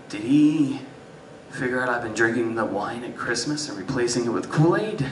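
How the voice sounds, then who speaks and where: Animated male stand-up comic in a roomy club. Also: medium pitch, far from the mic, noisy background. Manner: animated, swings between loud bursts and muttered asides. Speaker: stand-up comedian. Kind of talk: stand-up storytelling. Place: live music venue stage. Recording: roomy live club sound from afar. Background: audience laughter.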